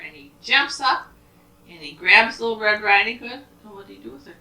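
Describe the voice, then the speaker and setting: A woman's voice: medium pitch, a little fast. An older woman telling fairy tales aloud to a child and asking the child questions along the way. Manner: animated, asks the listening child questions. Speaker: storyteller. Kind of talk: reading children's stories aloud. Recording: roomy, distant home recording.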